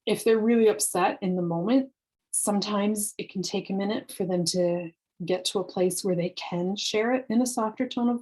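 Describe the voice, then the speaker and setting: A woman giving calm, reassuring parenting advice straight to camera, explaining step by step and checking in with "okay". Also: fairly low pitch, slightly rough, low-quality recording. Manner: often says "okay" and "um". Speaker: parenting coach.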